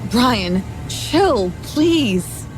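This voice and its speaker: A man voicing a nervous young female coworker in an animated horror story, hesitant and stuttering. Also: very high voice, drawn-out words, music in the background, pitched above the performer's own voice, exaggerated voice, poor audio. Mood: pleading.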